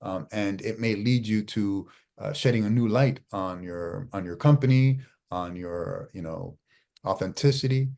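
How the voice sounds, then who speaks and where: A man's voice: fairly low pitch, unhurried, vocal fry, mellow. A middle-aged man teaching a masterclass as a media trainer, emphatic and coaching, repeating key phrases and restarting often. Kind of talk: live online masterclass teaching.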